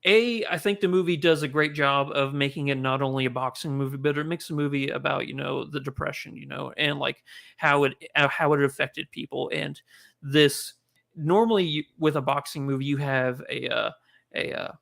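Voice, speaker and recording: A man's voice: medium pitch, fairly even intonation, normal speed, vocal fry, a bit bright. A man co-hosting a casual movie podcast, rambling and laughing often as he talks through films he loves. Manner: chatty, rambling, laughs often, gets emotional. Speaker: podcast co-host. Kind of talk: casual movie review chat.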